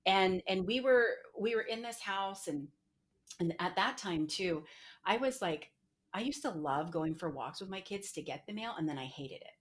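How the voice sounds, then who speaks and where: A woman's voice: mid-range voice, animated, moderate pace. Woman guest telling her story candidly. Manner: frequent "like" fillers, emotional retelling. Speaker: podcast guest, entrepreneur.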